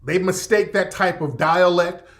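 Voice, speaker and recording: High-voiced man hosting an unfiltered livestream. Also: measured pace, a bit bright. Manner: rambling, profane, repetitive, reacting to chat. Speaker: radio show host. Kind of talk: casual livestream commentary.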